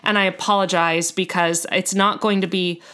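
A woman's voice: fairly low pitch, steady tone, normal speed, sharp tone, clean tone. A woman co-hosting a podcast, telling a long story in casual chat, chatty and full of fillers and self-corrections. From United States. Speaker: podcast co-host.

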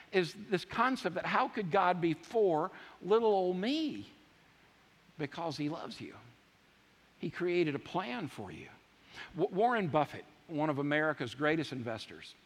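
A man preaching a sermon, emphatic and repetitive, swinging from loud declarations to hushed asides. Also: high voice. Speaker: pastor. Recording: long hall reverb.

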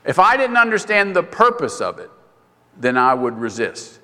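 Bright-voiced man preaching in a reverberant hall. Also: wildly swooping pitch, moderate pace. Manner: conversational preaching, pitch jumps high for quoted voices. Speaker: pastor. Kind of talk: sermon.

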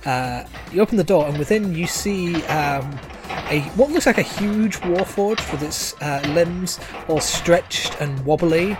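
A man running a tabletop game as game master, describing scenes with many pauses and fillers. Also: fairly high pitch, animated, over music. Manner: hesitant, many uhs while describing scenes.

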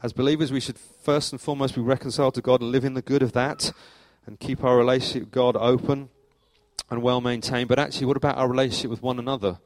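A middle-aged man preaching a sermon as church leader, telling stories in a lively way with sudden rises in pitch and loudness. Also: fast talker, no echo. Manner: animated storytelling, acts out anecdotes with jumps in pitch and volume. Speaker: pastor.

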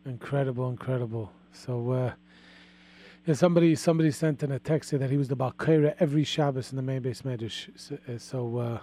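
Male call-in radio host, mellow tone, halting delivery with many restarts. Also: mid-range voice.

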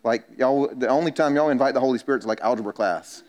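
A man's voice: mid-range voice, quick pace, darkish tone. A man, a pastor preaching a sermon in a church and telling stories with self-mocking humor. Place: church sanctuary.

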